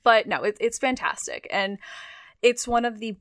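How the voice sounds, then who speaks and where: A woman's voice: a little high, fairly even intonation, normal speed, no room sound. Chatty young woman, dry close sound. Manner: chatty, self-deprecating, with frequent restarts. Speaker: podcast co-host. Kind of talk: casual chat.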